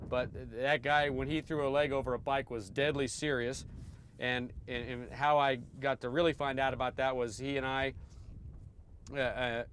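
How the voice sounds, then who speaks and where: A middle-aged former motorcycle racer telling stories in a relaxed, rambling way, often repeating his first words. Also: mid-range voice, normal speed, a little hiss or hum. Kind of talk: casual storytelling interview.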